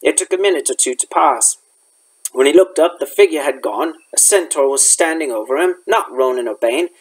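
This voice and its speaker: A teacher reads a chapter of a novel aloud, his voice sitting somewhat high for a man. He reads with expression and pauses to fix a slip now and then, then carries on. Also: husky, rough recording. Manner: expressive reading with self-corrections. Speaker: elementary school teacher.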